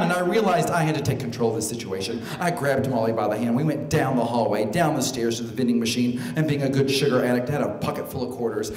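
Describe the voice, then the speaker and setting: A man performing a comic personal story at a live storytelling show, animated and self-mocking. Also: on the high side, moderate pace, crowd noise. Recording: echoey hall.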